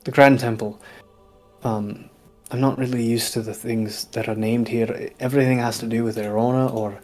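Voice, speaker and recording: Game master, man, mid-pitched, halting delivery, faint music bed. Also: darkish tone. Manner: hesitant, many ums. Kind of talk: narrating a tabletop game.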